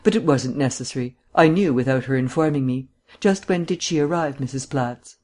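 A man reading an audiobook, voicing a cool, cynical gentleman detective with a drawling, mildly mocking manner. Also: mid-range voice, brisk, close to an everyday voice. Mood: urbane, amused.

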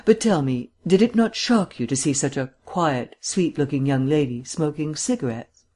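A man reading an audiobook, voicing a cool, cynical gentleman detective with a drawling, mildly mocking manner. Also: a little high, animated, moderate pace, breathy edge. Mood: urbane, amused.

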